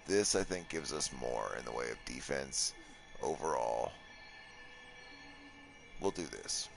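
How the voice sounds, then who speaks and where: Low voiced guy playing a game, chill, thinks out loud, swears a bit. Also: slow pace, vocal fry, over music. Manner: relaxed, thinks aloud, swears at enemies. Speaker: gameplay commentator. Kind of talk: casual let's play commentary.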